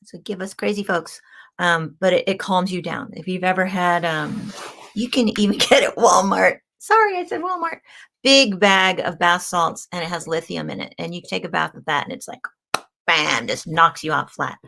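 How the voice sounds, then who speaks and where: A woman's voice: on the low side, normal speed, gravelly, sharp tone. A woman hosting a crystal healing show, talking in a rambling, chatty way and laughing often. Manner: frequent ums and restarts. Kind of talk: casual live-stream talk.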